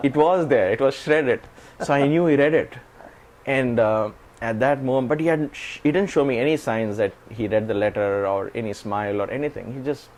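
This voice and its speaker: Animated middle-aged man telling a story. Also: mid-range voice, rough recording. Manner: animated, laughs often, acts out quotes. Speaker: interview guest. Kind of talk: storytelling in an interview.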